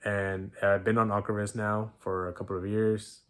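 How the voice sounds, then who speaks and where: A man's voice: fairly low pitch, level tone, normal speed. A man in his twenties, a vlogger, telling a personal story to camera in casual slang, acting out quoted dialogue.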